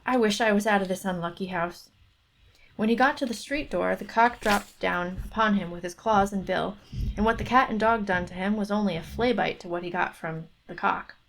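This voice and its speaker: A woman narrating a fairy tale aloud on a book club stream in a steady storytelling manner. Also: medium pitch, moderate pace, vocal fry.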